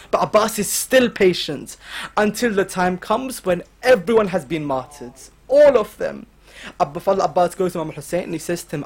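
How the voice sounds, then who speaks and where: A man with a high voice delivers a Muharram sermon as dramatic storytelling. He narrates in a hushed way and builds to impassioned, voicing the people in his story. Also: lively intonation, normal speed. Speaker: speaker at a Muharram majlis. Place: gathering hall.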